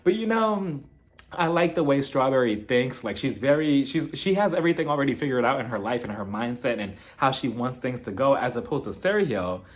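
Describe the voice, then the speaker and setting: A man hosting a casual, gossipy review of a reality TV episode, chatty and quick to laugh. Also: mid-range voice. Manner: animated, chatty, laughs often. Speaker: reality TV recap host.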